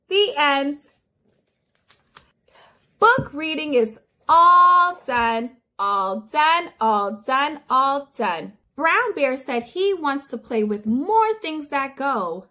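A woman's voice: sits high, lively intonation, drawn-out words, sharp tone. A woman speech therapist reading a picture book aloud to toddlers in a sing-song way with gasps of wonder.

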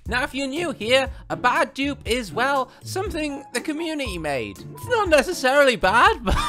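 Gaming host, jokey commentary, laughs a lot, animated pitch, middle-pitched voice. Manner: jokey, laughs often, quick reactions. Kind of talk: playful gameplay commentary. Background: background music.

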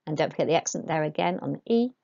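Woman teacher, lowish voice, patient and clear, dull lo-fi recording. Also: lively intonation, racing, warm tone. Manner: clear, patient instructions with Spanish modelled aloud. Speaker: Spanish teacher. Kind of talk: recorded online lesson.

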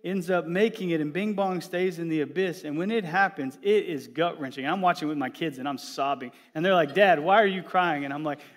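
A middle-aged man, a pastor, preaching a sermon in a church with a lively, joking storytelling manner. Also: fairly high pitch, fairly quick, few pauses.

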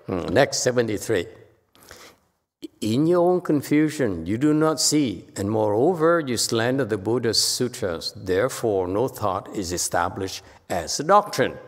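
A man's voice: on the low side, long reverb tail. A man, a Buddhist monk, giving an informal sutra lecture and acting out the people in his stories. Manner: animated storytelling, acting out quotes. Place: temple lecture hall.

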